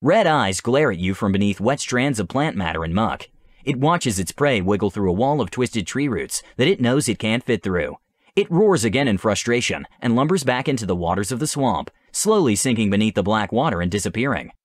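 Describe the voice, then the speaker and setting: A man narrating a tabletop adventure as game master, with measured, descriptive storytelling. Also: lowish voice, big pitch swings, dry recording.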